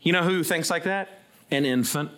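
Middle-aged male pastor, fairly high voice, emphatic sermon delivery with loud peaks and hushed asides. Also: normal speed. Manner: emphatic preaching that swings between loud high bursts and low quiet asides.

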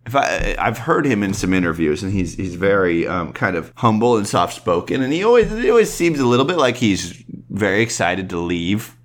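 Rambling, self-deprecating podcast host. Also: male voice, on the low side, very animated, normal speed, few pauses. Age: 30s. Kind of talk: casual chat.

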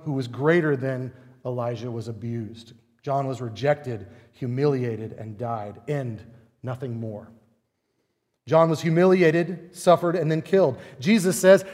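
A male pastor preaching a sermon, animated and emphatic, with many rhetorical questions. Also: medium pitch, big-room sound.

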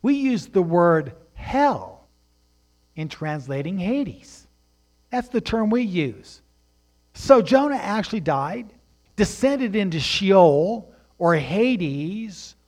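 A man teaching a sermon, asking rhetorical questions and swinging between hushed, drawn-out phrases and loud, emphatic preaching. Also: high voice, big pitch swings.

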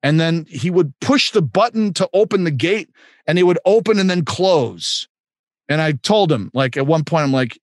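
A man who works as an improv and voiceover actor, a podcast guest telling animated anecdotes and acting out the dialogue. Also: a little high, normal speed, no room sound, studio quality. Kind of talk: anecdotal storytelling.

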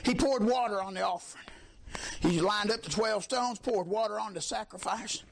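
A man preaching a fiery sermon, shouting, mocking and laughing as the congregation answers back. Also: high voice, normal speed, creaky.

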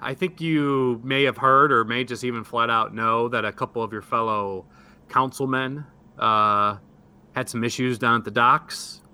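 Male player, very bright tone, relaxed slow chat, lots of "uh". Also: mid-range voice, clean tone. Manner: casual, hesitant, with fillers. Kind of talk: casual tabletop game chat.

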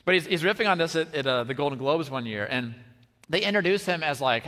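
A man preaches a sermon in a relaxed, conversational way, filling his talk with casual fillers and moving between quiet, reflective stretches and lively bursts. His voice is slightly high and very bright. It rings out with the long reverb of a large hall. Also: quick pace. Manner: chatty, many fillers, swings between soft and lively.

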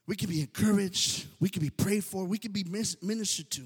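High-voiced man preaching in echoey hall. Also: brisk, slightly rough. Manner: emphatic, sing-song preaching cadence with frequent "amen". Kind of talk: sermon.

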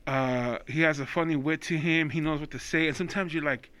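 Dude with a bright sharp voice swearing while he reminisces, dry close mic. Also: on the high side, fairly quick, no room sound. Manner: animated, profane, keeps asking "you know what I mean". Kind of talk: casual chat.

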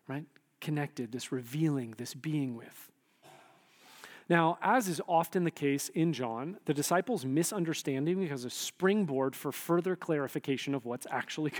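A man preaching a sermon in a conversational, animated way, often checking in with the listeners. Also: fairly high pitch, long reverb tail. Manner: conversational, animated, frequent "right?" asides. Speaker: pastor.

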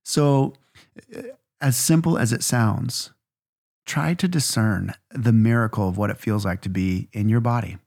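A man's voice: lowish voice, a little slow, creaky, a little mellow. A man, co-hosting a reflective faith conversation and telling stories with rhythmic lists. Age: 40s. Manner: earnest, storytelling, lists phrases in rhythm. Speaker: podcast co-host.

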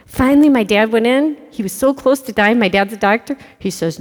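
A woman giving a religious talk to children, telling stories with dramatic hushed asides. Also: on the high side, fairly quick, few pauses. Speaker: catechist speaking to kids. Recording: long hall reverb.

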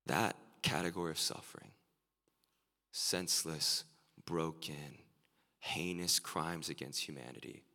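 A man preaching an earnest sermon as a pastor, his voice turning excited and emphatic at times. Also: rumbling low, unhurried. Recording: live sermon with long hall reverb.

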